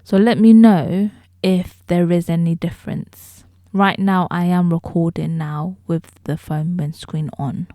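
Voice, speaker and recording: A woman talking straight to her viewers as she reviews a microphone, explaining each feature clearly, recorded close on a studio mic in a room at home. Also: fairly low pitch, fairly even intonation, a little slow, mellow, no room sound. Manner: explanatory, addresses viewers directly. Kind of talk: casual product review. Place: indoor room. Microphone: close studio dynamic microphone.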